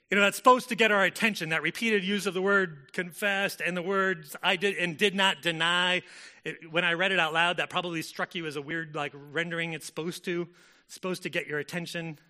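A man's voice: on the high side, bright, forceful tone. A man preaching a sermon in a conversational way, with frequent fillers and self-corrections as he explains a scripture passage. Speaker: pastor.

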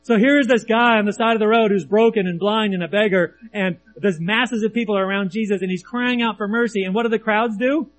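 This preacher's high voice is brisk and fairly bright, with few pauses, captured on poor audio with a faint mains hum. His sermon feels conversational, as he keeps checking in with listeners by asking "right?" and reads scripture aloud between comments.

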